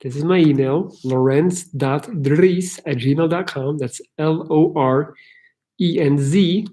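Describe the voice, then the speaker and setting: Fielding viewer questions on his livestream Q&A, this host keeps things casual, cracking jokes and laughing readily. He speaks with a fairly high pitch and a darkish tone.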